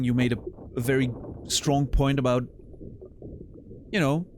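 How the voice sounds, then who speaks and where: A man's voice: mid-range voice, fairly even intonation, measured pace, long pauses, darkish tone, a little hiss or hum. A tired, yawning man streaming a game, rambling and teasing his viewers in casual chat. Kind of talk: casual chat while playing.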